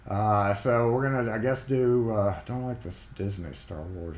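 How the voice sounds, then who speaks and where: A man's voice: medium pitch, animated, a little slow, few pauses, a little mellow. Chatty Southern man in a roomy space. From Mississippi, USA. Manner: chatty, rambling, reads chat comments aloud. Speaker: livestream host. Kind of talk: casual live-stream chat. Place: home workshop. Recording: roomy echo.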